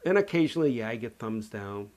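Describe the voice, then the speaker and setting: This painting instructor from the Chicago area, USA, has a cold as he casually chats through viewer comments, rambling folksily with plenty of "you know" in his Chicago accent. He's animated and talks fast at medium pitch, with a slightly mellow tone.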